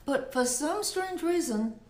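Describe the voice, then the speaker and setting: A woman's voice: high-pitched, expressive, slow, darkish tone, reverberant. A woman giving a Bible teaching in a conversational preaching style, often asking rhetorical questions. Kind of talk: sermon.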